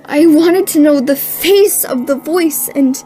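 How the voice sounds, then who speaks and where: A woman playing a young woman who recounts a terrifying captivity in hushed, haunted narration. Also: high voice, takes it slowly, faint music behind. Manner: hushed, haunted recounting, rising into frantic cries. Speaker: actress narrating in a student short film. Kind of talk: dramatic storytelling narration.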